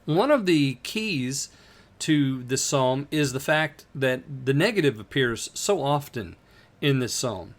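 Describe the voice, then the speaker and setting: A man leads a podcast Bible study in a mid-range voice, talking through the text like a chat with listeners. He slows down and leans on each word when he reads the verses aloud. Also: medium pitch, animated. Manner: conversational, reads scripture aloud slowly with emphasis. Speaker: Bible teacher.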